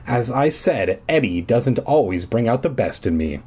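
A man's voice: mid-range voice, sing-song, moderate pace, few pauses, a little mellow, breathy edge. A man casually reading a children's scary book aloud, breaking off for crude jokey asides.

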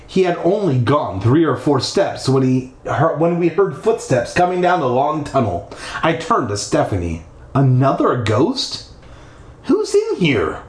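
Sitting in a bathtub, a man reads a spooky children's book aloud and drops in crude, irreverent, swearing ad-libs. His voice is a little high and a little mellow, swinging widely in pitch at a moderate pace. The bathroom makes the recording echoey.

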